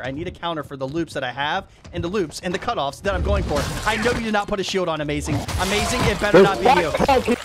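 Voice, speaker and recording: A high-voiced man commentating his gameplay, his pitch leaping all over as he chats and reacts. Loud game noise runs under his voice. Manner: excitable, chatty, talks to the other players. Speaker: gaming channel host. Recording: voice over noisy game audio.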